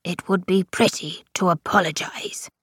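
A woman reading an audiobook and voicing a stern old male marshal who croaks out solemn, scolding speech. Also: on the low side, fairly even intonation, normal speed, fairly bright tone, dry recording, studio quality. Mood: muttering. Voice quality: croaking, gravelly.

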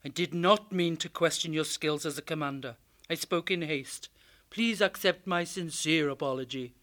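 A man voicing a stern, vengeful female badger warrior, speaking gravely and solemnly. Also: a little high, normal speed, a bit bright, pitched above the performer's own voice, close to an everyday voice. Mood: apologetic.

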